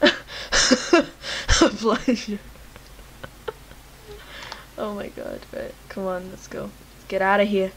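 A young native Lithuanian speaker with a Lithuanian accent does let's-play commentary as a gamer, loud and giggly, swearing and joking at the screen. Her mid-range voice moves extremely slowly with long pauses, over slight background noise.

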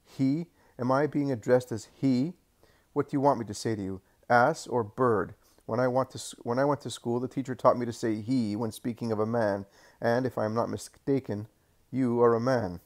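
A rough, hot-tempered fisherman who meets bluster with sarcastic, quick-witted retorts, as a male reader puts him on. He sounds plain-spoken and unimpressed, a storybook figure voiced in a middle-pitched male voice. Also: fairly even intonation, close to an everyday voice. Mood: mocking. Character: blunt, hot-tempered fisherman apostle, grown man.

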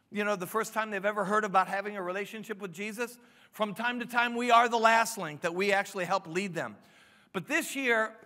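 A man's voice: high-pitched, pushed and bright. A pastor in his fifties preaching a sermon, emphatic, with frequent restarts and rising questions. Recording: long hall reverb.

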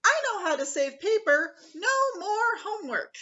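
A woman's voice: sits high, animated, moderate pace, bright, forceful tone, dull audio, voice pushed up. A woman voicing an eager young male squirrel in a storybook.

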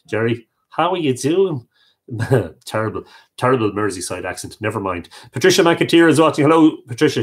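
Chatty Irish man hosting a livestream. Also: medium pitch. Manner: chatty, greets viewers one by one. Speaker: host. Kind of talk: live-stream chat, reading out viewer comments.

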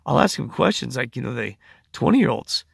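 A man with a hoarse voice, rambling in a casual monologue and acting out the conversations he reports. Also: mid-range voice, sing-song, moderate pace, dry recording, clean studio sound. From United States. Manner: rambling, acts out quoted conversations. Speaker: vlogger.

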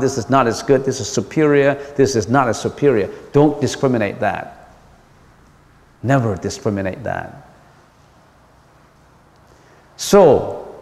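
A Buddhist monk gives a dharma lecture to his listeners, his pitch swinging widely as he poses questions and repeats key phrases for emphasis. He is a man with a mid-range voice. His words ring out with a long reverb, as in a large temple hall. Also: a little mellow.

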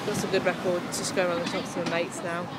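A woman's voice: lowish voice, little pitch movement, fast talker. A young woman from England, chatting casually and rambling to her camera as she walks around town. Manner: chatty, giggly, rambling with many ums. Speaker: vlogger. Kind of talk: casual vlog chat. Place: outdoors in a town, streets and markets. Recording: loud street and traffic noise. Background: traffic and street ambience.

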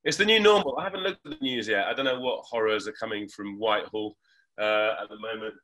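A man's voice: fairly low pitch, quick pace. A man who is a reverend and hypnotherapist, explaining ideas thoughtfully as a guest in an interview over a remote call. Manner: animated, thoughtful explainer with fillers.

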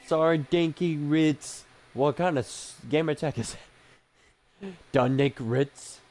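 A man giving casual gameplay commentary as the host of a gaming channel, rambling, excitable and self-mocking, swearing often. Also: a little high, slow pace, slight background noise.

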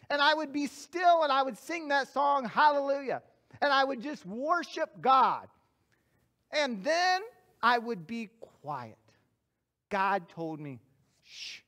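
High-voiced earnest man preaching. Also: fairly bright tone. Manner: earnest, emphatic, repeats phrases for effect; self-deprecating humor. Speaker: guest pastor and evangelist. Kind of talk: sermon with personal stories.

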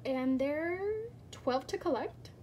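A woman chatting casually through a toy unboxing, gushing and squealing with excitement and dropping to soft whispers between reveals. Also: high-pitched, slow, slight background noise.

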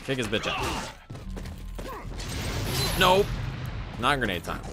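A man's voice: mid-range voice, sing-song, slow pace, very noisy. A man with a nasal voice, cursing and trash-talking through casual live commentary on a video game. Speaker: game streamer. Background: game music.

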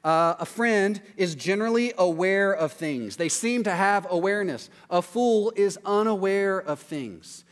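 Male preacher, conversational sermon, raised pitch, long church-hall reverb. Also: expressive, a little slow, hardly any pauses. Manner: conversational, acts out quoted voices, frequent "right?" asides. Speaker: pastor.

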